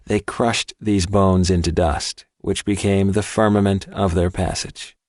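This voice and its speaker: This is scripted audiobook narration by a man with a low-pitched voice, delivered evenly and at a measured pace. No room sound comes through the clean studio recording.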